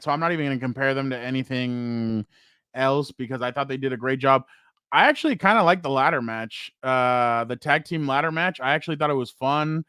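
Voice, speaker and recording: On this casual sports podcast, the young co-host's smooth, fairly high voice carries excited storytelling, frequent laughter, and his own impressions of what others said. The sound is dry and studio quality.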